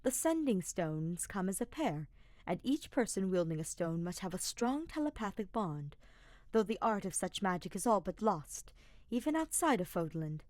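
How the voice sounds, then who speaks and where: A woman reading a fan-fiction audiobook, voicing a calm middle-aged mother who answers patiently and matter-of-factly. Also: mid-range voice, moderate pace, no echo, natural voice.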